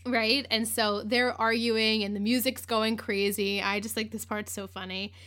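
A woman's voice: a little high, flat delivery, moderate pace, fairly bright tone. A woman hosting a podcast, recapping an episode in casual chat, with lots of "like", acted-out quotes and laughter. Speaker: podcast host.

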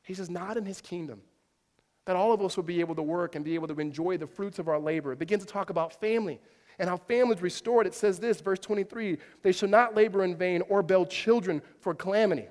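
A man's voice: high-pitched, fast talker. Male pastor, 30s, storytelling sermon, raised voice, echoing hall. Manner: animated storytelling with asides and self-deprecating humor. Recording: long reverb of a large hall.

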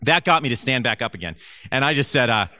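A man at a medium pitch tells his church audience a personal testimony, animated and storytelling throughout. He acts out the voices of the people in his story. His voice sounds close and dry, with no room echo. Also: fast talker. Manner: animated storyteller who acts out quoted speech. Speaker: church speaker sharing a testimony.

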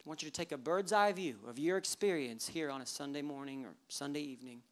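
A male pastor in his thirties delivers a lively sermon. He moves between plain teaching and playful storytelling, acting out the stray thoughts of people in the pews. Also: fairly high pitch, fast. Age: 30s. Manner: animated storytelling, acting out worshippers' inner thoughts with humor.

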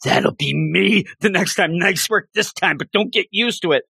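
A boastful, determined teenage student who cannot stand losing, as a man quotes him in passing. His tone is bright and edgy, and he sounds close and dry. He is proud and always set on proving he is the smartest. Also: high voice, normal speed, creaky, breathy edge, dry recording, voice pushed up, exaggerated voice. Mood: grudging.

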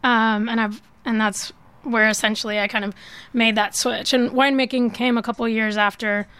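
A woman from the San Francisco Bay Area, a winemaker guest on a radio show, telling her story in a relaxed, measured way. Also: on the high side, clear, resonant tone. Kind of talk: radio interview. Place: radio studio.

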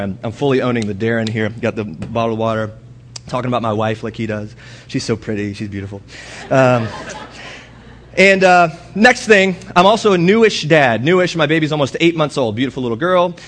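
A young man giving a casual sermon in a church, telling personal stories and mimicking arguments in a raised voice. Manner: animated storytelling, mimics quarrels in a high voice. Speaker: guest speaker. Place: church hall.

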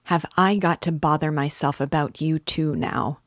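A gloomy, impatient young man, as a woman reads him from a storybook, blunt and pressing. Her voice stays low and dry throughout. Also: steady tone, moderate pace, no room sound, lightly acted.

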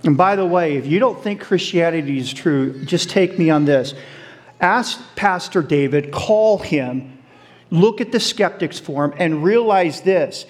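A middle-aged man preaching a sermon, animated, asking the audience questions and laughing along with them. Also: a little high, unhurried.

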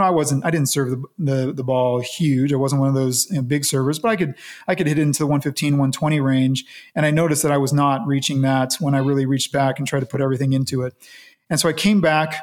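A man being interviewed, recounting a personal story in an earnest, reflective way with halting restarts. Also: mid-range voice. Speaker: interview guest.

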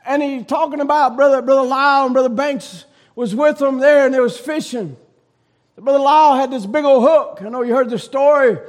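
A man preaching a sermon, shouting in rising bursts and then dropping low and soft. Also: brisk.

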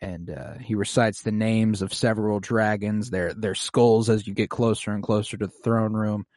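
A man recapping a show in casual chat, animated and profane, laughing often. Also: on the low side, normal speed, dry recording.

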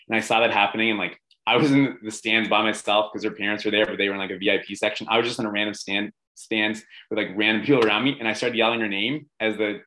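Chatty low-voiced male coach. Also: fairly even intonation, fast, few pauses, pushed and bright, low-quality recording. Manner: enthusiastic, many fillers like "um" and "like". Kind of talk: casual interview talk.

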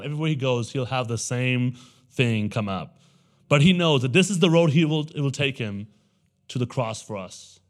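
This young male pastor, his voice on the high side, preaches in a relaxed, friendly way, frequently asking his listeners "right?" Now and then he acts out the figures in his story through quick, animated impressions.

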